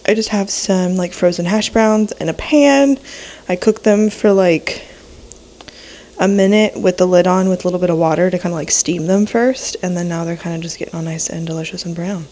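Her voice sits fairly low and sounds mellow, moving at a normal pace. Filming a casual home vlog on a handheld camera, moving between kitchen and office, the young woman chats and rambles with plenty of fillers. Allergies leave her slightly nasal, and she keeps yawning, clearly sleepy.

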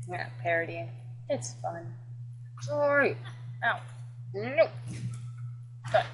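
Brief: excitable woman gamer, casual running commentary, talkative and profane. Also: medium pitch, slow, pauses often, a little hiss or hum, rough recording. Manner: chatty, excitable, swears and jokes while playing. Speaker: gameplay commentator.

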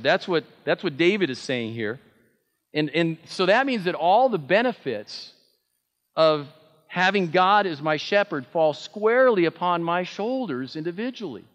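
Pastor, male, slightly high voice, earnest sermon delivery with restarts, long hall reverb. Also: a bit bright. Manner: earnest, emphatic, with fillers and restarts.

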